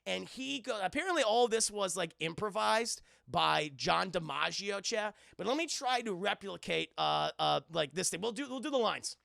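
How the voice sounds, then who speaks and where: A man giving excitable, profane livestream commentary on a cartoon while talking to his chat. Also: sits high, moderate pace, gravelly, few pauses, no room sound, clean studio sound. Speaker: streamer reviewing a cartoon.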